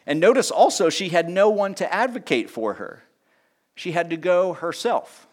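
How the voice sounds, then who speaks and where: A man preaching a sermon in a lively teaching tone, with conversational asides and small jokes. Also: normal speed. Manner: lively teaching tone, pitch rising on key points and dropping low on asides. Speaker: pastor.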